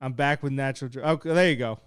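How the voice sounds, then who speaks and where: A young man casually commentating a live fight stream, excitable and swearing while he reads the chat. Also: mid-range voice, fast talker, clean tone, no echo, studio quality. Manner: excitable and laid-back, swearing, laughing at chat. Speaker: fight watch-along streamer.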